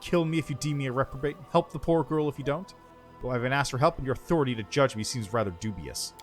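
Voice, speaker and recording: A man's voice: mid-range voice, fast, faint music behind, close to an everyday voice. Give me a man voicing a defiant elf spy woman, terse and wary. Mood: guarded. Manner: curt, weary, bitter.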